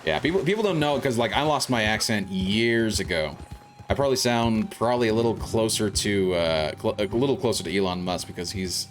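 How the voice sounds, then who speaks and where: A man's voice: lowish voice, animated, a little fast, faint music behind. A man born in South Africa, chatting casually and rambling as he streams a video game. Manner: rambling, chatty, reacting to gameplay. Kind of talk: casual gameplay commentary.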